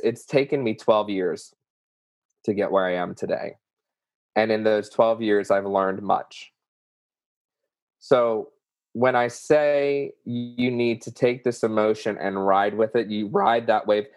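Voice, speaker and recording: A man's voice: medium pitch, dry recording. A man with a Southern US accent, speaking earnestly and emotionally as a guest, sharing vivid personal examples. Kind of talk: candid conversation about emotions.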